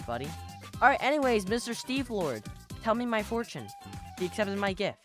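Excitable woman playing a game. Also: medium pitch, brisk, soft background music. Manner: excitable, jokey, yelps and laughs. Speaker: gaming YouTuber. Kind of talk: playful gameplay commentary.

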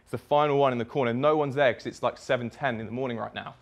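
A young man speaks at a summit, walking through a personal story step by step in the present tense. His pitch sits in the ordinary middle for a man. His delivery is vivid, with blunt swearing. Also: fairly even intonation, fast. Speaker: speaker at a fitness business summit. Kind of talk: storytelling keynote talk.

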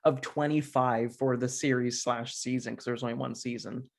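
A man's voice: medium pitch, fairly even intonation, normal speed, vocal fry. A man co-hosting a podcast in casual chat, rambling, laughing often and swearing casually. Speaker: podcast co-host.

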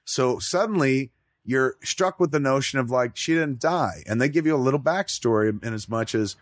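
A middle-aged man hosting a casual chat, talking in an animated, profane way and acting out lines in quoted voices. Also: mid-range voice, moderate pace, no room sound, clean studio sound. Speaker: podcast host.

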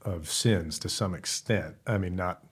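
Husky, chatty man, fairly low voice. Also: unhurried. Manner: rambling, self-correcting, chatty. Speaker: podcast co-host. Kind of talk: casual podcast chat.

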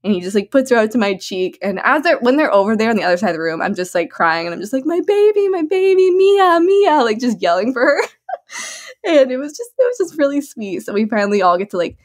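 A woman telling a personal story in a casual, chatty way, laughing often and filling her talk with "like", her voice jumping up high when she gets excited. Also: fast, few pauses. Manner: animated, swings into high excited tones. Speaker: guest sharing her birth story.

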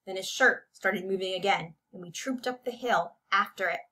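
A woman reading a short story aloud in measured scripted narration. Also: mid-range voice, sharp tone. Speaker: audiobook reader.

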